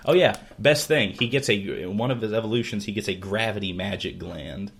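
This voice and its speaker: Man, lower register, casual podcast storyteller; animated, laughs easily, does voices for characters. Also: normal speed, creaky. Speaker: podcast co-host retelling a novel. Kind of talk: casual chat.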